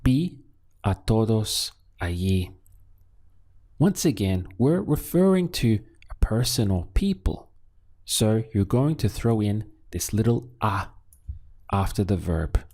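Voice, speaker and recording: A man teaching a Spanish lesson, patiently asking questions and pausing so learners can answer. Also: on the low side, lively intonation, darkish tone. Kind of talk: scripted language lesson.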